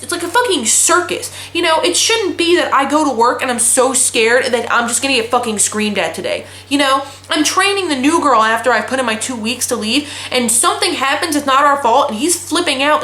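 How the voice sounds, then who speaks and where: A young woman in her twenties talks in a slightly high voice, blunt and swearing freely as she rants. Her voice bounces around an echoey room. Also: animated, brisk, few pauses, sharp tone. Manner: blunt, profane ranting storyteller. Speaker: vlogger. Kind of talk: casual chat.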